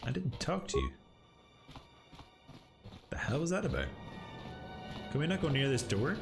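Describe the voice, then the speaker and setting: A man's voice: on the high side, wildly swooping pitch, unhurried, gravelly. A male streamer giving casual, joking commentary while playing a video game. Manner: joking, chatty asides to the game. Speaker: gaming streamer. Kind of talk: casual let's-play commentary. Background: loud game music.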